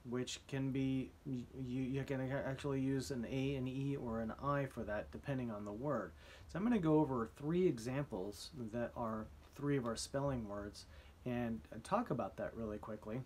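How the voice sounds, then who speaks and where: A man teaching a spelling lesson to his students, explaining slowly with frequent ums and restarts. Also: mid-range voice, a little mellow, slight background noise.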